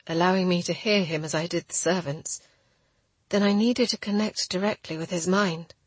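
A woman reading a first-person novel aloud in a steady, measured narrating style. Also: on the low side, husky, no echo. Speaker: audiobook narrator.

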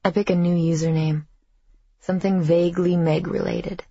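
A woman reading a first-person audiobook in a measured, reflective way, with a husky voice. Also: fairly low pitch, little pitch movement, warm tone, no room sound, highs cut off. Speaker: audiobook narrator.

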